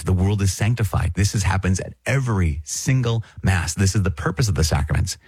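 A man's voice: sits low, darkish tone, husky, no room sound. A man giving an earnest, conversational Catholic teaching talk, often checking in with listeners. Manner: conversational, earnest, frequent "right?" check-ins. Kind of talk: recorded catechetical talk.

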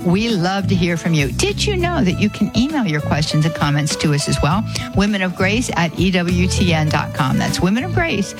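A woman's voice: on the low side, big pitch swings, moderate pace, music in the background, low-quality recording. A middle-aged woman hosting a live call-in radio show, chatty and friendly, often repeating the phone number. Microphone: studio microphone.

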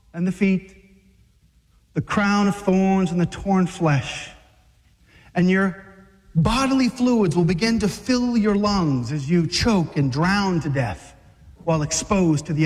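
A man preaching an impassioned sermon to a group of men, exhorting them and rising to shouts. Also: high voice, big-room sound. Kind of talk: fiery sermon.

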